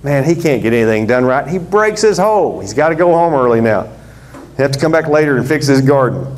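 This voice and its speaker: A man preaching a sermon, telling the story with lively drama and acting out the characters in different voices. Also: mid-range voice, fairly quick.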